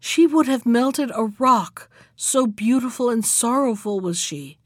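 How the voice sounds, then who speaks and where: A woman narrating a classic fairy tale as an audiobook, reading in a measured, even way. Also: on the high side, no echo, studio quality.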